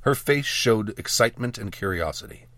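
Low-voiced man narrating a fantasy audiobook. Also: lively intonation, normal speed, fairly bright tone, no room sound, clean studio sound.

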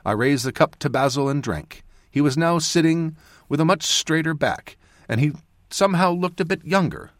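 A man's voice: moderate pace, no room sound, clean studio sound. A man narrating a fantasy audiobook, giving the characters their own voices. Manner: voices characters with lively shifts in pitch and loudness. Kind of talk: scripted narration.

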